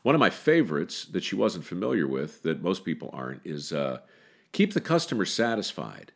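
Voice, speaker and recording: A man with a very deep voice hosts a storytelling podcast, telling a tale with dramatic pauses and a wry tone. His delivery swings widely in pitch, rising and falling for emphasis. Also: wildly swooping pitch, gravelly. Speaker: podcast host. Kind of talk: storytelling narration then casual talk.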